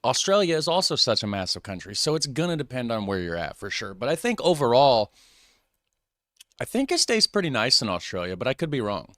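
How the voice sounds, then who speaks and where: A chatty American man reacting to clips for his viewers. His pitch swings up and down as he talks. The recording is dry and close, with no room sound. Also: big pitch swings, fairly quick, bright, forceful tone, no room sound. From United States. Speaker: reaction video host. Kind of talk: casual reaction commentary.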